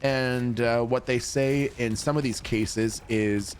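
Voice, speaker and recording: A man chats to his stream viewers in a loose, rambling way. His voice sits in an ordinary middle pitch. He drops in casual swears as he goes. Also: fairly even intonation, takes it slowly. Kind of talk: casual chat with viewers while gaming.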